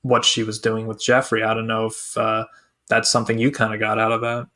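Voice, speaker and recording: A man who is a guest on a podcast, calmly offering his own reading of a film in casual chat. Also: on the low side. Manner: thoughtful, measured, polite disagreement.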